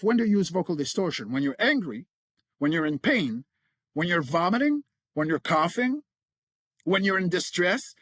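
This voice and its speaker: Middle-aged man, interview guest, lively up-and-down delivery, slightly high voice, enthusiastic teacher. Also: no room sound, clean studio sound. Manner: enthusiastic, explanatory, quick to laugh. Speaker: guest, creature voice coach. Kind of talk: interview, explaining technique.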